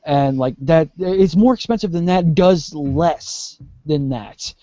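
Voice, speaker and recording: A man's voice: on the high side, slow pace, dry recording. A man hosting a podcast, chatting and joking casually. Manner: animated, joking. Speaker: podcast host. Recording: dull, dry lo-fi audio.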